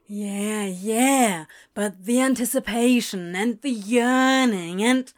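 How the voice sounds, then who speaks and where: A woman voicing a tipsy, evasive male demon in a fan fiction reading, mumbling and halting. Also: on the high side. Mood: yearning.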